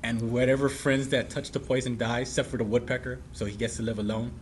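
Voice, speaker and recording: A man's voice: medium pitch, flat delivery, fast. A man chats casually with friends on a podcast, chiming in to explain story plots. A faint hum of noise sits behind his voice. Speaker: podcast co-host. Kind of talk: casual chat among friends.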